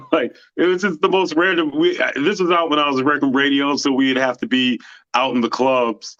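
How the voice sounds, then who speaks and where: A man's voice: mid-range voice, moderate pace. Laughing storyteller comic man. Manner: animated storyteller, laughs often. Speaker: standup comic. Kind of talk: casual chat. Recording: dull lo-fi sound.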